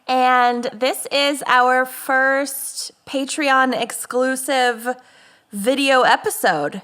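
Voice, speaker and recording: A woman hosting a podcast in casual chat, relaxed and laughing easily. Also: high voice, extremely slow, smooth. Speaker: podcast co-host.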